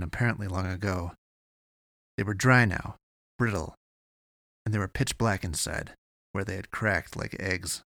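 A man giving steady, measured scripted narration of an audiobook. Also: deep voice, no echo, clean studio sound.

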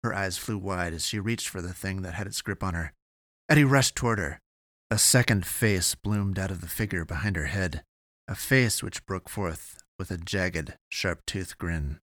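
Guy narrating an audiobook, lowish voice, dry booth sound, steady pace. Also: no room sound. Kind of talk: scripted narration.

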